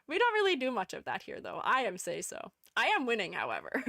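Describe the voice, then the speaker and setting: A woman streamer chatting casually with her live audience, giggling often and playfully animated. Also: fairly high pitch, a little fast, no echo, studio quality. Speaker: streamer and art educator.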